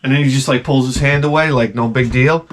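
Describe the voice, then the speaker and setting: A man's voice: medium pitch, steady tone, a little fast, slight background noise. A middle-aged man ranting sarcastically through a casual story, mimicking the people in it. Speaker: vlogger.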